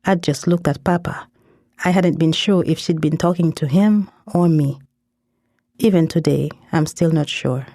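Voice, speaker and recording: A woman reading first-person fiction aloud in a measured, intense storytelling manner on a close studio mic. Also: deep voice, dark tone, no room sound. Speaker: story narrator.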